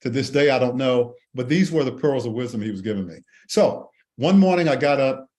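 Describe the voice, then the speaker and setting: A man in his sixties from Washington D.C. tells a childhood story in a podcast interview, animated and full of restarts. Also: mid-range voice, brisk. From Washington D.C. and Maryland, USA. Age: 60s. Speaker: guest, Air Force veteran.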